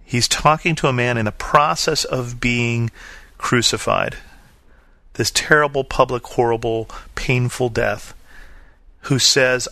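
A man preaching a sermon, reading scripture and then explaining it earnestly, slowing down to stress the key lines. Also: medium pitch, sharp tone, no echo. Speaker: pastor.

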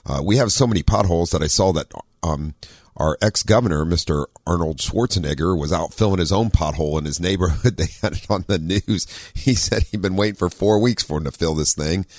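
A middle-aged man with an extremely low, rumbling radio voice hosts a morning car talk show. He talks in a relaxed, meandering way, full of ums and uhs. The studio sound is dry and close. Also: fairly quick, few pauses, no echo. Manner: relaxed, rambling, many ums and uhs, easy laugh. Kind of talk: casual talk radio chat. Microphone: studio microphone.

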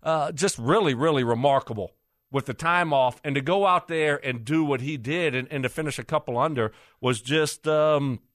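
A man's voice: a little high, moderate pace, fairly bright tone, dry recording, clean studio sound. A man co-hosting a show, teasing his partner in casual banter and laughing often. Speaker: radio show co-host.

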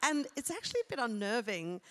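A woman's voice: on the high side, fairly bright tone. Woman, 40s, live podcast co-host; loose, chatty, rambling delivery. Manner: chatty, rambling, with many fillers and self-interruptions. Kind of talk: casual chat on stage. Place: theatre stage, live show.

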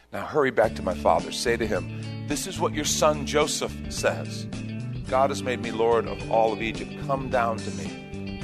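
Male pastor, sermon delivery, vivid retelling with emphatic swells, soft music bed. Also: mid-range voice. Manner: animated storytelling, retelling scripture with emphatic rises.

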